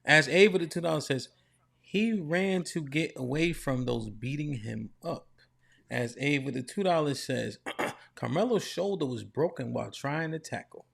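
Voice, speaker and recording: A man's voice: fairly high pitch, animated, moderate pace, vocal fry, fairly bright tone. A man hosting a livestream panel, reading donor messages aloud in a casual, slangy way. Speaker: host reading superchats.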